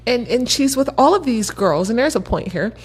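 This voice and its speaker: A woman from Baltimore tells a story as a podcast guest. Her voice is husky and sits fairly high. She talks with lively animation and often breaks into laughter. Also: normal speed. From Baltimore, USA. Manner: animated, laughing, acts out dialogue. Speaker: guest entrepreneur. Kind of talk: casual storytelling.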